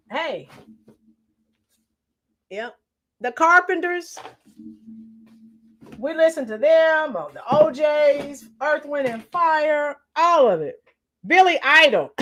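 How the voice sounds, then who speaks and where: Teacher lady chatting on her live stream, slow easy pace, voice worn out, keeps singing bits of old songs. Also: high-pitched, sharp tone. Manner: chatty, bursts into singing song lines. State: tired, strained voice. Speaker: livestream host. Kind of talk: casual live chat reading comments.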